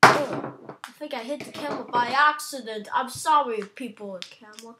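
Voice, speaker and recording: A woman's voice: fairly high pitch, normal speed. A woman rambling playfully and giggling as she narrates her own silly antics to a webcam at home. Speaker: webcam vlogger. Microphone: webcam microphone. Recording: webcam audio with loud background noise.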